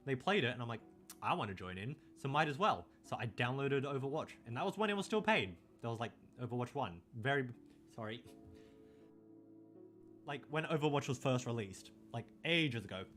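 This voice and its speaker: A man's voice: mid-range voice, animated, normal speed, a bit bright, soft background music. Rambling young Australian man. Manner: rambling, drifts into tangents, swears casually. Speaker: streamer. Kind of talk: casual late-night chat.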